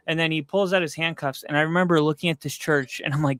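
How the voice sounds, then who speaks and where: A man's voice: a little high, fast, few pauses, no echo. Rambling man telling stories, dry close mic. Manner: rambling, animated storyteller with frequent fillers. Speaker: podcast co-host. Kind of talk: casual storytelling chat. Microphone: streaming setup, close mic.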